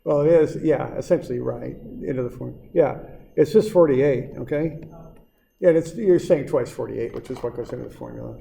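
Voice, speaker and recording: A gravelly-voiced man lectures an engineering class in an easygoing, repetitive manner, often checking in with his students. His voice is dark and mellow. The sound is roomy, with a faint hiss in the background. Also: mid-range voice, normal speed. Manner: relaxed, repetitive, reassuring explaining. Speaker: engineering instructor. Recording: echoey classroom with faint noise.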